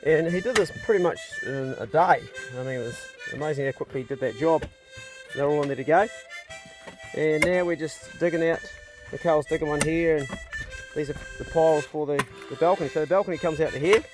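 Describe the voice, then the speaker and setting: A man's voice: fairly high pitch, brisk, music in the background. A man hosting a casual, jokey vlog tour of a farmhouse build site outdoors. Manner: chatty, jokey, matey. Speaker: vlog host.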